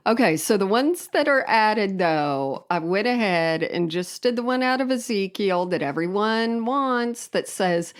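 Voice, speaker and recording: A woman co-hosting a podcast, chatting casually in an unhurried way. Her humor is dry and deadpan, and she often laughs at her own jokes. Her pitch sits in the middle of the usual range. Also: clear, resonant tone. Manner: wry, deadpan joking with laughs. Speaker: podcast co-host. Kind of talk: casual chat.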